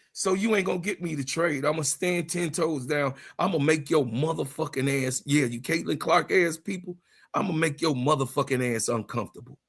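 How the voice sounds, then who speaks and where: Gravelly, bright-voiced man ranting on a livestream. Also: a little high. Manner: profane, repetitive, raises voice into shouts. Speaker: sports channel host. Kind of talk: heated livestream rant.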